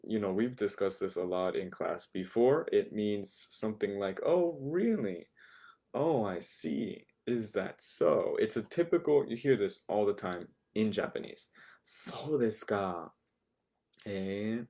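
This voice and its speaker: A man's voice: on the low side, moderate pace, darkish tone. A young man teaching a language class, explaining patiently and repeating each phrase for his students. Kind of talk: recorded online lesson.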